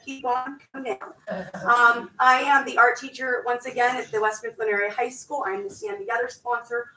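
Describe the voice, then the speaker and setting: A woman's voice: a little high, level tone, moderate pace, sharp tone. A woman, an art teacher, giving a passionate, insistent public comment at a school board meeting, repeating her points. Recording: echoey room from far off.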